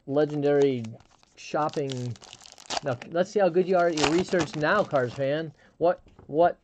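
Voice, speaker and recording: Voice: medium pitch, noisy background. A live stream host chatting casually, telling a rambling story with frequent restarts and fillers.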